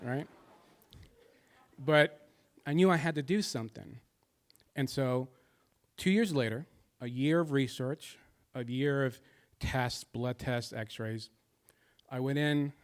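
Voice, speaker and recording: A man's voice: mid-range voice, unhurried, long pauses, smooth. A man in his thirties telling a personal stand-up story, confessional and shifting between jokes and somber moments. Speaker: stand-up comedian.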